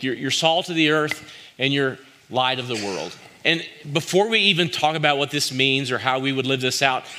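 A pastor leads a prayer and moves into his sermon. His voice is bright and clear, and his delivery is conversational and earnest. He pauses often with fillers and invites the congregation to join in. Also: medium pitch.

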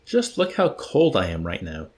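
A man voicing a fretful, self-pitying army doctor who complains in a shrill, whiny way. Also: wildly swooping pitch, normal speed, darkish tone. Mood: alarmed whining.

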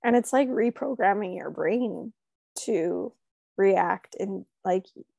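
A woman in a casual chat, speaking reflectively about parenting, with a mid-pitched voice and a gravelly fry. The sound is dry and close, with no room echo. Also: slow pace, dark tone. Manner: reflective, fillers like "you know".

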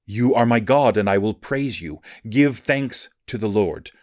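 A man reading scripture aloud in a measured, even reading cadence. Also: fairly low pitch, no echo, clean studio sound. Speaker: scripture reader.

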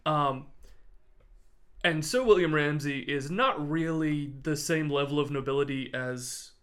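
A man's voice: fairly high pitch, measured pace, a bit bright. A man co-hosting a podcast, telling a history story in a casual, jokey way and laughing often.

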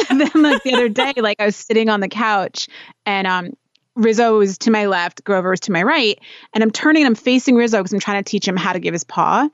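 A woman co-hosting a podcast, telling stories in a chatty, animated way with lots of fillers. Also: medium pitch, brisk, dry recording, lo-fi sound. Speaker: podcast co-host. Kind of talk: casual chat.

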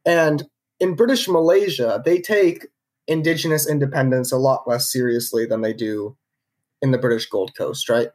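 A man's voice: medium pitch, moderate pace. A man co-hosting a podcast, telling a history story in a casual, conversational way, with many fillers and restarts. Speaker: podcast co-host narrating history.

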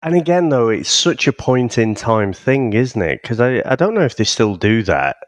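A man's voice: mid-range voice, big pitch swings, moderate pace, dry recording. A man chatting easily and laughing on a film podcast. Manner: easygoing, laughs often, swears casually. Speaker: podcast co-host. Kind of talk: casual film podcast chat.

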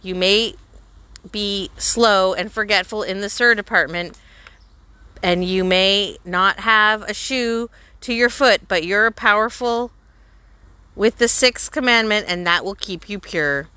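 A harsh male schoolmaster with a barking, mocking manner, performed by a woman reading a storybook aloud. The voice is bright and crisply clear. It is recorded close and dry, with no room sound. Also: mid-range voice, takes it slowly, dry recording. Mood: stern. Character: harsh, bullying male schoolmaster, middle-aged.

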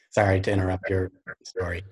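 A podcast host with a low, husky voice. He breaks in with jokes and laughs often in casual chat with his guest. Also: darkish tone.

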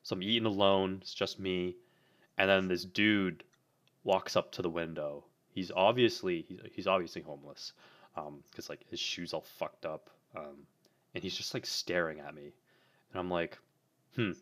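A man's voice: low voice, fairly even intonation, normal speed, fairly bright tone. A young man co-hosting a podcast, telling a story in a rambling, filler-heavy way. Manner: rambling, many fillers, laughs often. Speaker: podcast co-host. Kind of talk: casual storytelling chat.

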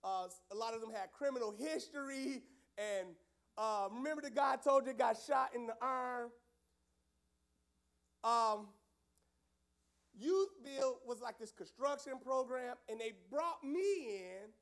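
A youth pastor telling a story to young people in a lively, casual way, with loud outbursts. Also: male voice, very high voice, a little slow, long pauses.

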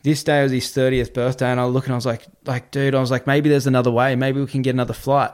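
Animated storytelling man, swearing freely. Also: mid-range voice, fast talker. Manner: animated, swearing, acts out other people's lines. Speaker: guest telling a story. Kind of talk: casual storytelling.

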